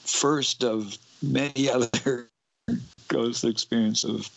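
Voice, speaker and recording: A man's voice: medium pitch, steady tone, takes it slowly, gravelly, rough recording. A young man on a talk show, telling a personal ghost experience in a casual, suspenseful way. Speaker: guest. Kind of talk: casual storytelling.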